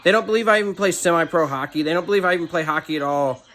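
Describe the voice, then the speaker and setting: Young male vlogger, slightly high voice, venting bluntly with plenty of swearing and filler words. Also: racing, fairly bright tone. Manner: blunt and profane, with frequent "like" and "dude". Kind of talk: emotional personal rant.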